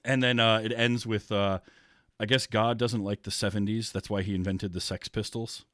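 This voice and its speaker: A man with a fairly low voice hosts a relaxed film podcast. He rambles through his thoughts with frequent fillers and restarts. The sound is dry and close. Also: normal speed, dry recording. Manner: chatty, many fillers and restarts. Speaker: podcast host. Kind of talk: casual film discussion.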